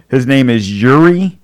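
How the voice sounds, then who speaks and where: A man co-hosting a podcast in casual chat, rambling and joking, laughing often. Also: mid-range voice. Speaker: podcast co-host.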